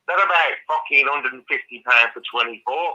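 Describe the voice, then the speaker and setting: A man's voice: mid-range voice, brisk, pushed and bright, dull audio. Furious swearing man ranting down a phone. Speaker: caller. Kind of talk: angry call-in rant. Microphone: phone call.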